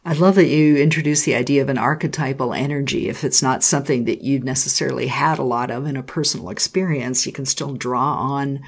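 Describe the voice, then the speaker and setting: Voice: mid-range voice, steady tone, a little fast, gravelly, few pauses, slightly rough. An interview host who asks questions thoughtfully, with affirming remarks and hesitant restarts. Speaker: podcast host. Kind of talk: conversational interview.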